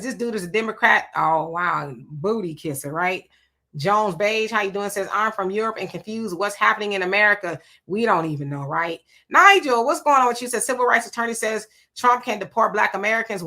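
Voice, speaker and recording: A woman hosting a casual live stream, reading out viewer comments and answering them one after another. Her voice is bright and forward, and she greets each person by name in an easy, chatty way. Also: mid-range voice.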